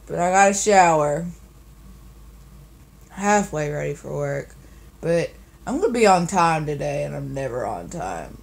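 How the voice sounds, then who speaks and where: A tired young woman rambles through a casual vlog, her pitch swinging up and down as she giggles and drifts into soft mumbles. She talks at an unhurried pace. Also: expressive, creaky. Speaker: vlogger.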